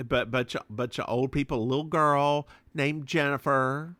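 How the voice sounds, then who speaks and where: Recapping a TV episode on a podcast he co-hosts, this man chats loosely, doing voices for the quotes and swearing without restraint. His mid-range voice moves at a moderate pace, with no room sound in the recording.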